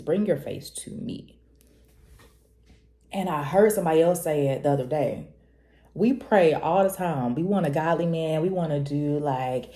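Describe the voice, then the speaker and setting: A young woman, talking to camera in a casual, preachy, animated way and laughing often. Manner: animated, preachy, laughs often, jumps high when quoting herself. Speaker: vlogger. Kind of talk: casual confessional talk to camera.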